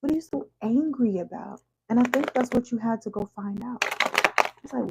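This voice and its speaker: Gravelly woman reading tarot. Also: a little high, moderate pace, dull audio, noisy background. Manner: preachy slangy talk, drops to whispers. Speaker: tarot reader. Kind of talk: casual tarot reading monologue.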